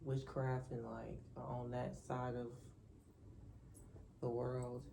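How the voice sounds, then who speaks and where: Slow musing woman with a gravelly voice. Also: a bass voice, flat delivery, dark tone, a little hiss or hum. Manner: slow, musing talk with many fillers. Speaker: vlogger. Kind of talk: casual vlog chat.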